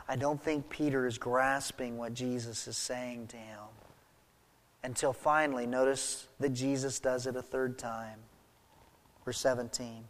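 A man preaching a sermon as a pastor, with an expressive delivery that swings between soft and emphatic. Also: mid-range voice, a little slow, big-room sound.

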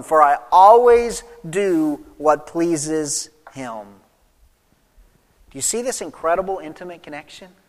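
High-voiced male preacher in a reverberant hall. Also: a bit bright. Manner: reads scripture aloud, then expounds with emphatic swings of pitch and volume. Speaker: pastor. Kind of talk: sermon.

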